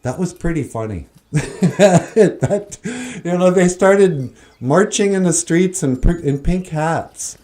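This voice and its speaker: A male host talks in a slow, unhurried way and reads out comments from viewers. His voice is mellow and soft-edged. He jokes and chuckles as he goes. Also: fairly high pitch, animated. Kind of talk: casual livestream chat.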